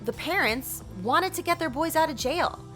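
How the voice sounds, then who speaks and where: A woman's voice: sits high, normal speed, soft background music. A woman hosting a history show, telling the story casually and animatedly, swearing freely and acting out what people said. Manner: animated, swears casually, acts out quotes in funny voices. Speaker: host.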